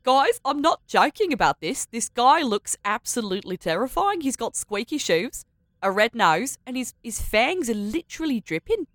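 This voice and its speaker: A woman's voice: a little high, very animated, moderate pace, a bit bright, dry recording, clean studio sound. A woman playing in a tabletop game, who banters playfully in character and laughs often. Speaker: player.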